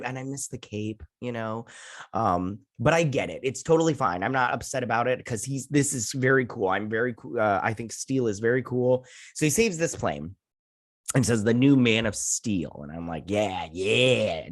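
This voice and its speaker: A man's voice: mid-range voice, no echo, clean studio sound. A man hosting a review show, giving a loose, rambling recap of an episode with many fillers and casual swearing.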